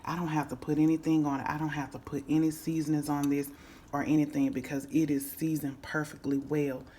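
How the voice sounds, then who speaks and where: A woman's voice: low voice, little pitch movement, fairly quick, warm tone. A woman hosting her own cooking vlog, chatting casually to viewers and humming over the food as she tastes it. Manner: chatty, savoring aloud with lots of hums and "y'all". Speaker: cooking channel host. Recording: echoey room with faint noise.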